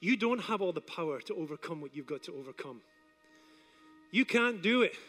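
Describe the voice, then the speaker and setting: A male preacher giving a sermon, telling stories in an animated way and acting out scenes. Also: sits high, brisk, faint music behind. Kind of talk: sermon with storytelling.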